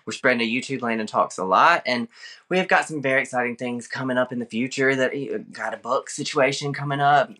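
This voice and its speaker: A man's voice: mid-range voice, a little fast, sharp tone. A man, a podcast guest talking casually in rambling digressions and laughing often. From American South. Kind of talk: casual chat.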